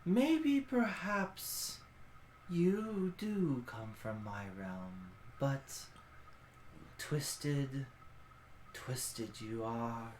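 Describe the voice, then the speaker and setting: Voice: medium pitch, very animated, a little hiss or hum. A game master voicing an ancient dragon brood mother. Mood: solemn. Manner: slow, hushed, deliberate speech. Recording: echoey room.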